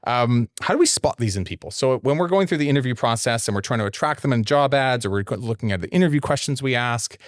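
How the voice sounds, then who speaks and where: A man from Canada hosting a casual interview, talking quickly with laughing, animated asides. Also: medium pitch, no echo, clean studio sound. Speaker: podcast host.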